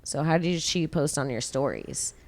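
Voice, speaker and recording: A woman in her thirties hosting a podcast, telling a story casually and profanely, acting out quotes. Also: normal speed. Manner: animated, profane, acts out quotes with big pitch jumps. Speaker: podcast host.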